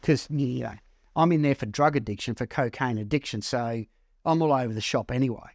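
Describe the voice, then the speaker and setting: An Australian man working as a counsellor, telling a personal story in an earnest, halting way that repeats words as he goes. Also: mid-range voice, a little mellow, dry recording, studio quality. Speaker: counsellor and mentor. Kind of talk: personal story told to camera.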